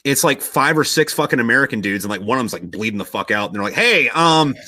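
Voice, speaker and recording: A man's voice: on the low side, expressive, rapid-fire, pushed and bright, no room sound. A young man in casual podcast chat, telling a long story in a rambling way, swearing constantly and loosely acting out quotes.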